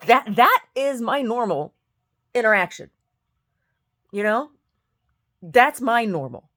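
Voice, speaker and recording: A woman's voice: takes it slowly, long pauses. A woman who sings tells a story in a casual, exasperated rant, often mimicking other people. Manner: animated, exasperated, mimics others in high voices. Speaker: singer.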